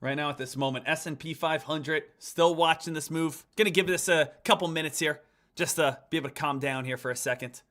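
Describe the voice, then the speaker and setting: High-voiced excitable male day trader. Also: brisk. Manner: swings from muttered chart reading to loud excited rants. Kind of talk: live trading stream commentary.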